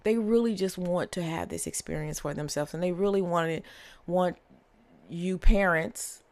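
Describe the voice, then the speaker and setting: Woman, low voice, tarot reader, conversational, many fillers and repeats. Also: normal speed, a little mellow. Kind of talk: casual channeled tarot reading.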